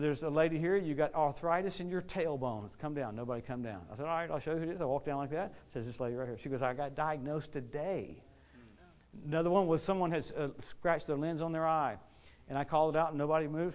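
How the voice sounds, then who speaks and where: A middle-aged man preaching a sermon, telling stories quickly and animatedly, acting out quotes and laughing along. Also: on the high side. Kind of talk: storytelling sermon.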